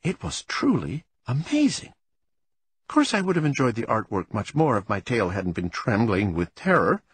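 A man giving an expressive, animated first-person reading of a children's storybook. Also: medium pitch. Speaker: audiobook narrator.

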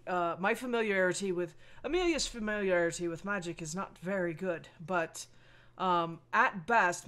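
A woman's voice: fairly low pitch, a bit bright. A woman playing a tabletop role-playing game who describes her character's plans thoughtfully, hesitating and restarting her phrases. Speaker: player.

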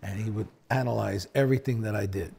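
A man, a bassist, telling stories in a sit-down conversation, acting out quotes with big swings in his voice. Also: quick pace, vocal fry, breathy edge. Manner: animated storyteller, acts out quotes with big pitch swings.

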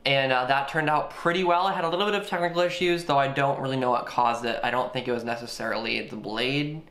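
A man's voice: medium pitch, fast talker, a bit bright. A young man chatting casually as he unboxes and sets up a laptop, thinking aloud with plenty of fillers. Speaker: tech vlogger.

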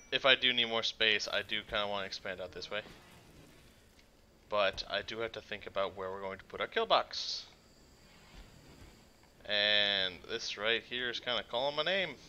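Muttering man narrating his gameplay. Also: mid-range voice. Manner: muttering to himself, then loud excited outbursts. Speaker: gaming channel host. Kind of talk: casual let's-play commentary.

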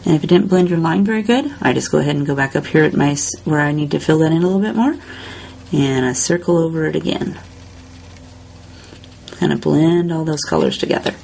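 A woman hosting a step-by-step coloring tutorial, talking in a relaxed, chatty way while she works. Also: sits low, a little fast, vocal fry, a little hiss or hum. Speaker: crafting tutorial host.

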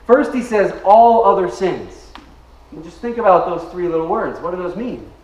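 A man's voice: high-pitched, lively intonation, brisk. A male pastor delivering an emphatic sermon in a church sanctuary. He draws the congregation into call-and-response. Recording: echoey room, mic at a distance.

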